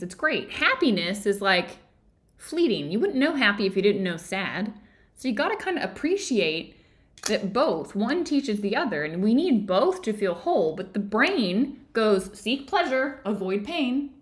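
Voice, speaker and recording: A woman's voice: medium pitch, fairly bright tone. A woman hosting an online book club from her home office, talking casually and animatedly and laughing often.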